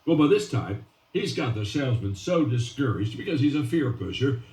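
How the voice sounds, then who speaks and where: A man's voice: mid-range voice, sing-song, moderate pace, darkish tone. A man giving a motivational talk with stories, stressing and repeating key phrases and restarting his sentences often. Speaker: motivational speaker. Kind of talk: motivational speech with storytelling. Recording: roomy and distant from the mic.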